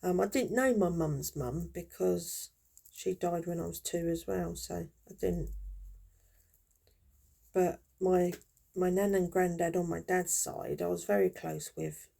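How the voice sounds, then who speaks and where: A woman's voice: fairly low pitch, fairly even intonation, unhurried, creaky, mellow. A woman in her fifties chatting casually and reminiscing while she crochets, in a rambling, friendly way. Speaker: crafter vlogger.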